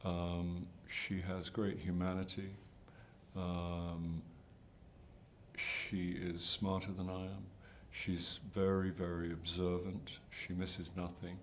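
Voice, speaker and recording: Low-voiced older actor, self-deprecating. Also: male voice, monotone, takes it slowly, slight background noise. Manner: hesitant, self-deprecating, many restarts. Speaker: actor being interviewed. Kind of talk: press junket interview.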